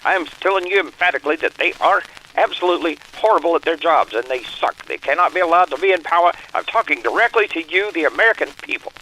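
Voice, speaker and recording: A man's voice: fairly high pitch, expressive, fast, pushed and bright, a little hiss or hum, low-quality recording. A man playing a blustering early-1900s president who harangues the public in an emphatic, repetitive oratorical style. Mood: ranting.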